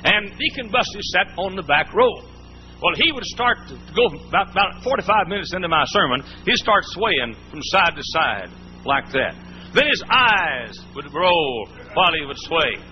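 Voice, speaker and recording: A man's voice: high voice, very animated, unhurried. A man pastor preaching a sermon, telling folksy stories and often repeating and restarting his words. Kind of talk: storytelling sermon. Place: church before a congregation. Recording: muffled old sermon tape with faint hum.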